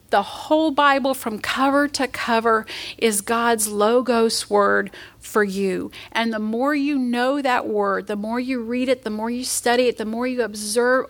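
A woman giving a sermon, earnest and emotional, at times dropping to a near whisper and tearful. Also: fairly high pitch. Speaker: pastor's wife preaching.

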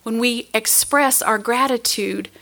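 Middle-aged woman giving a sermon, high and bright, earnest storyteller. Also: measured pace. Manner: earnest, storytelling, acts out quoted voices. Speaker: preacher.

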